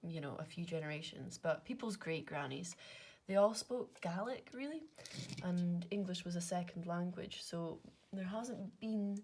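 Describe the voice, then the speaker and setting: A woman's voice: fairly low pitch, a little slow, darkish tone, a little hiss or hum. A young Scottish woman with an Inverness accent, working through maths aloud in a casual way and muttering to herself between half-whispered asides. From Scotland. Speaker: maths content creator.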